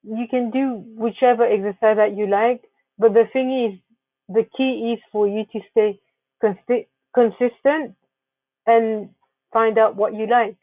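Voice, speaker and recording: A woman's voice: a little high, fairly even intonation, measured pace, dry recording. Woman presenter, narrated slides, earnest advice-giving tone, phone-quality audio, dry and close. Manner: earnest, advising, with frequent restarts. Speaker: wellness presenter. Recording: tinny phone-like, dry sound.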